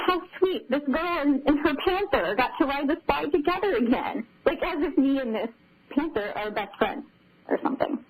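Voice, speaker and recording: A woman's voice: a little high, poor audio. A woman telling a long dream story on a radio show, laughing often as she talks. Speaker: caller sharing a dream.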